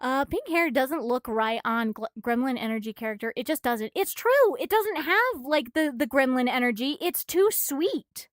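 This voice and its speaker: A woman streaming a casual manga recap, excitable and swearing freely, a little out of breath. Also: high-pitched, dry recording.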